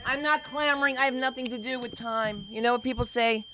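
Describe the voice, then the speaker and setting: A woman's voice: a little high, flat delivery, brisk, sharp tone, slight background noise, poor audio. A woman co-hosting a comedy open mic on stage, rambling playfully and riffing on names before bringing up the next comic. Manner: rambling, playful, sing-song name riffs. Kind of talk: stand-up emcee banter.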